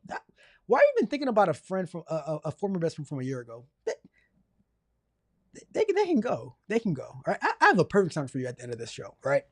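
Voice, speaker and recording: The voice sits high in a dry, clean studio recording. On his live tech career advice show, the host reads viewer questions aloud and fires back with exasperated, joking outbursts, lots of repetition, and quick swings between pretend outrage and apology.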